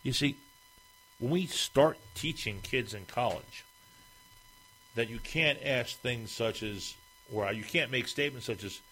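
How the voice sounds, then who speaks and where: A man's voice: medium pitch, expressive, unhurried, fairly bright tone, a little hiss or hum, rough recording. A man hosting an opinion monologue, speaking emphatically and firing off rhetorical questions.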